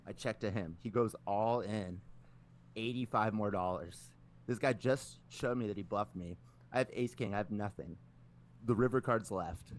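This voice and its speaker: Rambling low-voiced guy, lots of filler. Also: moderate pace. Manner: rambling, heavy filler words, swears a lot. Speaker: podcast co-host. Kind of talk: casual storytelling chat.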